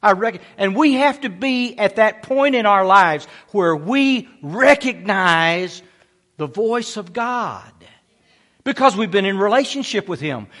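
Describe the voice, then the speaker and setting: A middle-aged male pastor with a notably high voice delivers a sermon. He preaches emphatically and tells stories dramatically, stressing key words. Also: a bit bright.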